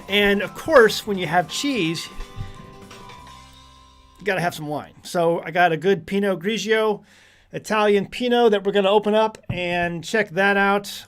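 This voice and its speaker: High-voiced chatty man hosting a livestream. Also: a bit bright. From United States. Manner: chatty, rambling, reads out viewer locations. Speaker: livestream host. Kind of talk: casual livestream chat.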